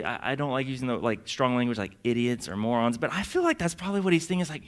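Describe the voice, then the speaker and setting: A man's voice: mid-range voice, animated, fast, hardly any pauses. A young adult man preaching a sermon as pastor, in a casual, conversational way with lots of fillers.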